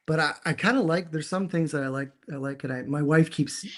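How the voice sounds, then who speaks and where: A man's voice: on the high side, a little fast. A man, co-hosting a casual chat from a dim room at home over a video call, rambling and repeating words as he talks. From Canada. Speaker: co-host.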